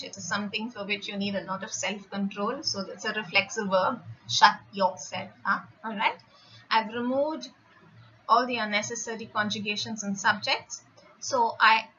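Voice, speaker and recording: A woman's voice: on the high side, pushed and bright. A woman French teacher giving a recorded lecture over slides, patiently explaining and checking in with her students. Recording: slightly muffled with faint noise.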